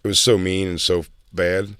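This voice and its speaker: A man's voice: sits low, level tone, normal speed, pushed and bright, smooth, dry recording, studio quality. A man co-hosting a podcast, chatting casually and telling profane, rambling stories from school. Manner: rambling, profane, acts out quoted voices. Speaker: podcast co-host. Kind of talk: casual storytelling chat.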